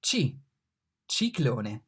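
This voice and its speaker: A teacher leads an online Italian lesson in a husky, medium-pitched voice with big pitch swings. She speaks slowly and patiently, sounding out letters and repeating words.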